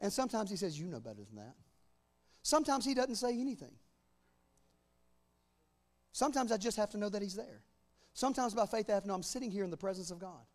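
High-pitched preacher in a reverberant hall. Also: male voice, fast, pauses often. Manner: shouting, fervent proclamation building to a peak; conversational, reflective preaching. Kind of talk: sermon.

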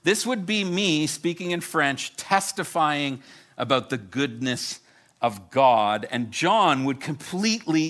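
Animated pastor with a bright voice. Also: male voice, on the high side, takes it slowly. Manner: animated, storytelling, self-deprecating humor. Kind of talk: sermon.

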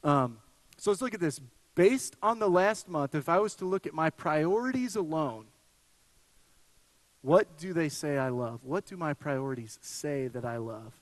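A man giving a conversational sermon as a pastor, animated when telling stories, with frequent restarts. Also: on the high side, a little slow, dry recording, big-room sound, poor audio.

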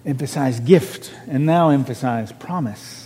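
A minister preaching a sermon from a podium, earnest and conversational, stressing key words. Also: male voice, medium pitch, measured pace, warm tone, slightly rough, long reverb tail. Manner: earnest, conversational preaching with restarts and rising emphasis. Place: church sanctuary on a raised podium.

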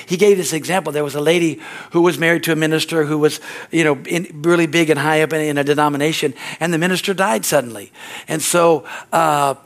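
A male pastor preaching a sermon, telling stories and repeating phrases as he builds to excited preaching. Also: fairly high pitch.

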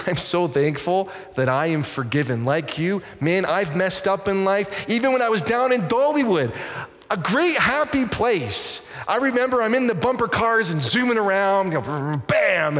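Brief: male pastor from Canada, higher-pitched preaching voice, lively stories, hushed emphatic moments. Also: normal speed. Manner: animated storytelling, drops to soft intense tones. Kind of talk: sermon. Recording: long church reverb.

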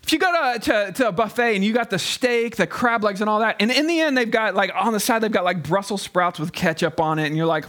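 High-voiced preacher talking with his congregation. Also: big pitch swings, a little fast, a bit bright. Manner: conversational preaching, asks the congregation questions. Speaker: pastor. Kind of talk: sermon.

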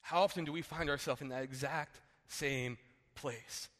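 A man's voice: medium pitch, normal speed, fairly bright tone, in a large hall. A male pastor giving a sermon in a conversational way, often saying "like" as he explains. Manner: conversational, often says "like" and restarts.

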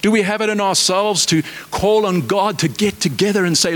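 Fervent preaching man, higher voice. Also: normal speed, a bit bright. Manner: fervent, exhorting with repeated rhetorical questions. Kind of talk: sermon.

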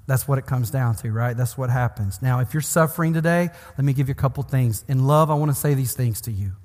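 A man's voice: mid-range voice, fast, darkish tone. A man preaching a sermon in an earnest, pastoral way, building emphasis through repeated phrases. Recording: long hall reverb.

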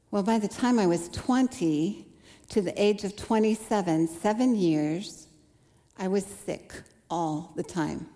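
In a long, echoing hall, a woman in her forties delivers an earnest testimony sermon, acting out the thoughts she once had as she tells her story. Her mellow voice sits in the mid range and moves a little slowly.

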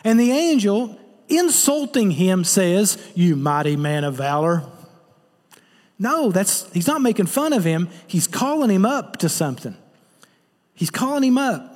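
A man with a high voice delivers a sermon, earnest and direct, often turning to rhetorical questions. His voice carries a long reverb, as in a large hall. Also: big pitch swings, measured pace, darkish tone, breathy edge. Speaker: pastor.

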